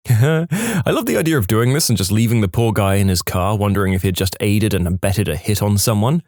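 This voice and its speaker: A man narrating online stories in an expressive, scripted storytelling manner. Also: on the low side, moderate pace, no echo, clean studio sound.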